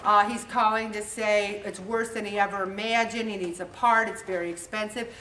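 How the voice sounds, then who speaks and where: A woman leading a group meeting, telling stories in a chatty, animated way. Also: mid-range voice, moderate pace, slight background noise. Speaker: group leader giving a talk. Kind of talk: motivational talk to a group. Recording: echoey room, voice from a distance.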